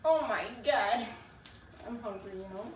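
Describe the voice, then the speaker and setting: A woman's voice: medium pitch, a little slow, a little hiss or hum. A young woman co-hosting a casual chat over a meal, talking between bites. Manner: chatty, talks while eating. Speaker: co-host. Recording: far from the mic in an echoey room with loud ambience.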